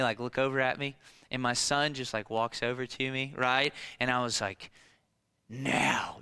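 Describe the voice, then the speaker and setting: This thirty-something male pastor has a fairly high, bright, pushed voice with a smooth quality. He delivers his sermon in a conversational style, full of rhetorical questions and personal stories drawn from family life.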